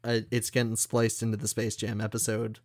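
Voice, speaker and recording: A man's voice: on the low side, completely flat delivery, a little fast, darkish tone. A man co-hosting a podcast in casual chat, talking in a tired, rambling way with lots of fillers. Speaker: podcast co-host.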